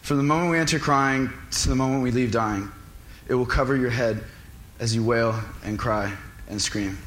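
A man's voice: medium pitch, fairly bright tone, natural voice. A man reading a timid teenage schoolboy. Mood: defiant. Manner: hesitant, halting. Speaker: intern reading a part. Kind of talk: staged script reading. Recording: echoey hall, faint noise.

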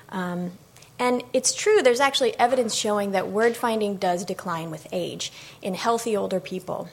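Woman clinician giving a talk, slight vocal fry, chatty lecture manner. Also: medium pitch, normal speed. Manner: many ums, conversational explaining. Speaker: speech-language pathologist. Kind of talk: public lecture.

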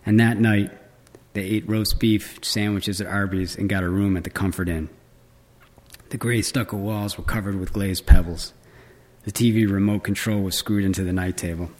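A man's voice: lowish voice, steady tone, normal speed. A man reading fiction aloud, with casual, filler-laden asides between passages.

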